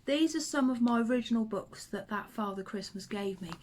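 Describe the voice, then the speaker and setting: A woman, chatting to the camera and telling old stories in a relaxed, reminiscing way. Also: on the high side, brisk, a little hiss or hum. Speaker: vlogger. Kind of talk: casual chat to camera.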